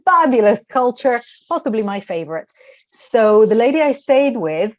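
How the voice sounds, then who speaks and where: A woman's voice: a little high, sing-song, moderate pace, highs cut off. A woman in her forties, a tarot reader being interviewed, telling stories in a chatty, wry, self-mocking way. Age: 40s. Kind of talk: casual storytelling interview.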